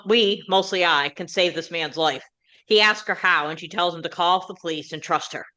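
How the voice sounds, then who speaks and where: Bright-voiced woman recapping an episode. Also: fairly low pitch. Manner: recaps plot in quick run-on sentences. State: hard of hearing. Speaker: podcast host. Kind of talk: episode recap and casual chat.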